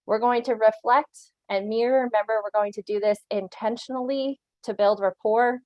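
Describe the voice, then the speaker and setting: A woman's voice: on the high side, steady tone, normal speed, dry recording, highs cut off. A woman leading an online training session, explaining things earnestly, often checking in with "right?" and laughing lightly now and then. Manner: earnest and instructive, with occasional laughs and frequent "right?" check-ins. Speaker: animal control officer giving a training.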